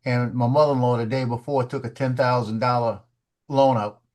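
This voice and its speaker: In a relaxed studio conversation, a man speaking a little fast in a mid-range voice spins a lively story, full of restarts and repeated words. He animatedly performs the voices of the characters involved.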